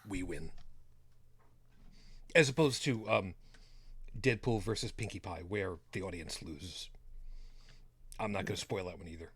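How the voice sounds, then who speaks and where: A man hosting a podcast in casual chat, blunt and quick to swear. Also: sits low, fairly bright tone, breathy edge, no room sound. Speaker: podcast host.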